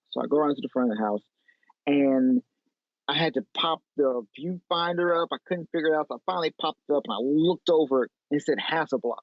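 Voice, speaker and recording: A man's voice: a little high, no echo. Chatty chicago guy on a remote call, tinny phone sound, dry, mid voice. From Chicago, USA. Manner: animated, chatty, lots of "like". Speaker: guest photo editor. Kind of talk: casual interview storytelling.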